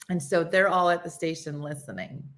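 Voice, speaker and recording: A woman with a lowish voice hosts a casual morning chat show, wandering through anecdotes, laughing along and losing her thread.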